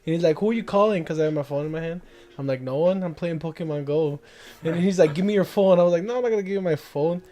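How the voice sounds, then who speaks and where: A man's voice: fairly high pitch, fast, dark tone. Young man telling a rambling story. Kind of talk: casual storytelling chat.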